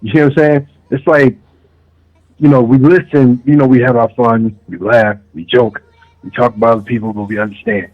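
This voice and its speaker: A man calling in to a talk radio show, a little hoarse, speaking earnestly and often asking "you see what I'm saying". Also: medium pitch, fairly even intonation, normal speed. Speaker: caller. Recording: dull lo-fi phone call.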